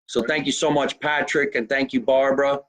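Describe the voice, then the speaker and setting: A man's voice: mid-range voice, steady tone, a little fast, fairly bright tone. A man hosting a casual live show, chatty and jokey, reading out fan mail and sponsor plugs. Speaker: podcast host.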